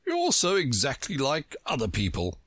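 Man doing a pompous, touchy storybook egg, lofty verse with big high swoops, dry close sound. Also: wildly swooping pitch, moderate pace, fairly bright tone, no echo. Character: proud touchy egg-shaped male storybook figure.

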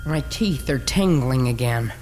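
A woman's voice: extremely low pitch, expressive, unhurried, in a large hall, loud music behind the voice. A woman playing a dramatic pet dog who hates cats, in a theatrical, brooding stage-musical style. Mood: melodramatic.

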